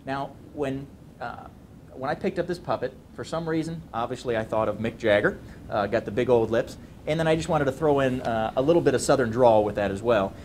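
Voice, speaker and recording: A man with a deep bass voice teaching puppet voices in a casual, demonstrating way. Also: brisk, darkish tone, slight background noise. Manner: casual, demonstrating, many ums. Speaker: puppetry trainer. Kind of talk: instructional talk.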